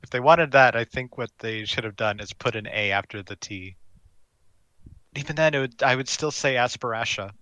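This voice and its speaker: A man's voice: medium pitch, moderate pace, pushed and bright, dry recording. A man co-hosting a podcast, chatting casually and thinking aloud. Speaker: podcast co-host. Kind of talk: casual chat.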